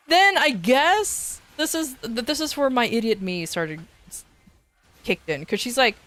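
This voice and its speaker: A woman's voice: fairly high pitch, lively intonation, slow, long pauses, a bit bright. A woman streamer telling a rambling story in a casual chat, swearing and restarting often.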